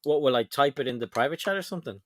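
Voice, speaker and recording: Lively man chatting on a livestream. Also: mid-range voice, rapid-fire, no room sound, clean studio sound. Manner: chatty, reads out viewer comments. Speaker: livestream co-host. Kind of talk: casual livestream chat.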